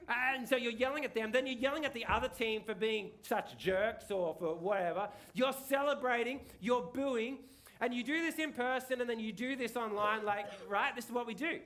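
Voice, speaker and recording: A man's voice: very high-pitched, moderate pace, a bit bright. A middle-aged man, preaching a casual sermon, chatty and rambling, with many restarts and tag questions. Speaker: pastor. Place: church hall.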